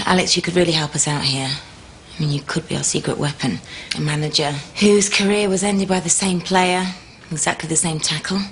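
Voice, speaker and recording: A woman's voice: sits low, fairly even intonation, moderate pace, a bit bright, slight background noise. An actress playing a pushy female football club executive who coaxes and persuades a colleague in a TV drama. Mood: persuading. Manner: persuasive, coaxing. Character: pushy female club boss under pressure. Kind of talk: TV drama acting.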